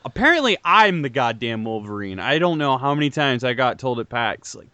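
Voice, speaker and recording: A man with a smooth, resonant voice jokes through a casual podcast chat, animated and swearing freely. The close mic sounds dry, with no room in it. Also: medium pitch, fairly quick, hardly any pauses, no room sound. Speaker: podcast host.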